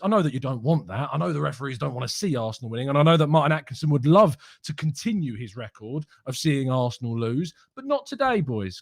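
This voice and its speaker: A man's voice: medium pitch, no room sound, studio quality. A young man hosting a fan live stream, giddy and mocking, laughing often as he reads out chat messages. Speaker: fan channel host reading live chat.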